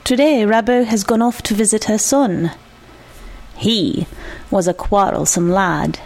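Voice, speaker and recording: A woman reading a short story aloud, measured and reflective. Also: medium pitch, a little mellow. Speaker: narrator.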